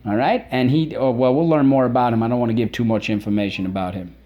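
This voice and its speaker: In a muffled recording, a male teacher with a medium-pitched voice drills children on spelling words. He repeats the words slowly and emphatically, asks questions and offers encouraging praise for answers.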